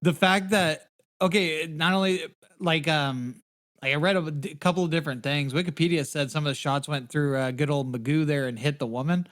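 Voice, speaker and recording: A man with a somewhat high voice chimes in on a casual podcast. He jokes irreverently and swears freely. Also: fairly even intonation, a little fast, fairly bright tone. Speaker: podcast co-host.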